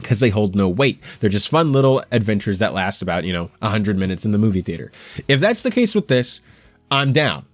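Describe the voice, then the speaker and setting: A young man hosting an anime news show, talking in a rambling, animated way with frequent stammers and restarts. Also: on the low side, fairly quick, no echo, faint music behind. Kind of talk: casual solo commentary. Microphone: headphones while recording at home.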